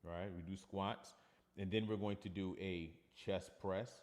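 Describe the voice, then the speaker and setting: A man's voice: low-pitched, fairly even intonation, normal speed, darkish tone, big-room sound. A man with a New York accent, a fitness coach chatting casually on a livestream and reading viewer comments aloud.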